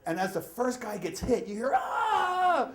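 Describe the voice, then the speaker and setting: A middle-aged man telling a story live on stage, acting out shouts and voices as he goes. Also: sits high, a little fast, background noise. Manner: animated, acts out shouts and voices. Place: storytelling event venue. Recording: echoey room, faint ambience.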